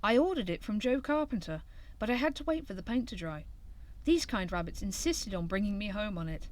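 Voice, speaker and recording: A woman doing a gentle, kind little rabbit. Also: mid-range voice, very animated, brisk, lightly acted. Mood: gracious.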